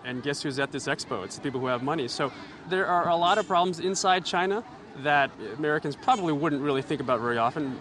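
A man's voice: a little high, background noise. A man reporting on location from outdoors at a busy expo for the radio, giving wry, analytical commentary.

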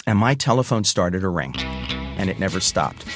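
Low-voiced man telling a story. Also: normal speed, music in the background. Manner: animated, acts out quoted voices. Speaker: storyteller recounting his career. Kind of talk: spoken personal storytelling.

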